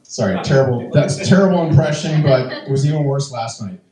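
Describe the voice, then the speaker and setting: With a crowd audible behind him, this fifty-something comedian spins rambling stand-up tales packed with fillers and false starts. His mid-range voice is animated and fairly quick. Sound bounces around the room, and he seems far from the microphone.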